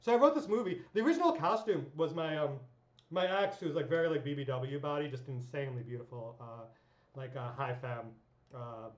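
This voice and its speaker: A woman's voice: a bass voice, a little fast, darkish tone. A woman in her thirties telling rambling stories in a casual vlog, full of fillers, swearing and laughs. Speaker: vlogger. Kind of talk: casual storytelling monologue. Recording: echoey dull room sound.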